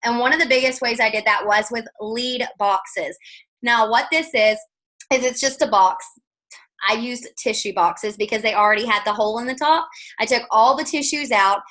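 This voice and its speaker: A woman tells her story over a video call, lively and chatty. She acts out bits of dialogue as she goes. Her voice is bright, sitting a touch high. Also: moderate pace, rough recording. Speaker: guest speaker.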